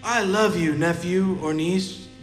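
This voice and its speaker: A man voicing a rambling middle-aged uncle who talks slowly and loudly, on a live stage with hall echo. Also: sits high, music in the background. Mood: doting.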